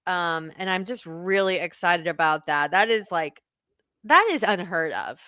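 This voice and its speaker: A woman co-hosting a casual podcast, talking excitedly and often backtracking to correct herself. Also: fairly low pitch, moderate pace, no echo. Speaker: podcast co-host.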